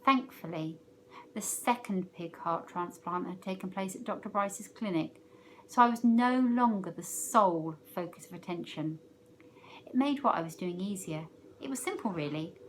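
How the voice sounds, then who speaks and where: A woman teacher reading a novel aloud, expressive, letting her loudness rise and fall with the story. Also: on the low side, normal speed, slight background noise.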